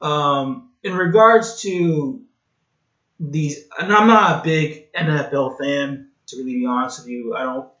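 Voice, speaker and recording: Brief: mocking male vlogger, blunt rant, higher voice, slightly muffled sound. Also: a little slow, fairly bright tone. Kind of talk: sarcastic commentary rant. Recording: dull, roomy home recording.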